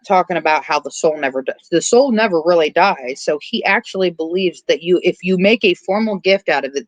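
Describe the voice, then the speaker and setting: A podcast host casually recapping a horror movie's plot, animated and quick to swear. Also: medium pitch, no echo, poor audio. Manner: animated storytelling, frequent swearing.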